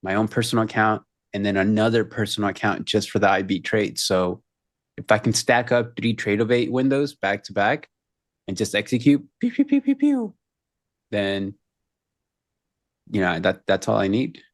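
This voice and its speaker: A man's voice: on the low side, no room sound, clean studio sound. A man co-hosting a live trading show, chatting casually and joking about his trades. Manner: quick, joking banter.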